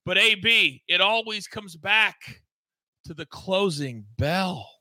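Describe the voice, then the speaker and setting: Man, sports show host, high voice, very bright tone, dry studio sound, hyped and emphatic. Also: lively intonation, takes it slowly, no echo. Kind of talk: energetic sports betting show chat.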